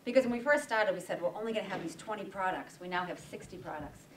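Quick-talking woman telling stories. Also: mid-range voice, a little hiss or hum. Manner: animated, acts out quoted dialogue. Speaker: bakery owner and guest speaker. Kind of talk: storytelling talk with audience questions. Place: meeting room at a breakfast event. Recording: roomy sound from a distance.

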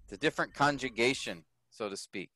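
A man's voice: medium pitch, a little fast, bright, forceful tone, no echo, rough recording. A man teaching a class, explaining grammar patiently and often checking whether his students follow.

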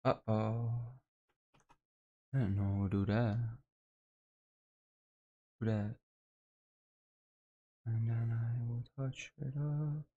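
Male streamer, easygoing, talks slowly to chat while working, casual cursing. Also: mid-range voice, fairly even intonation, narrow, tinny audio. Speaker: VTuber streamer.

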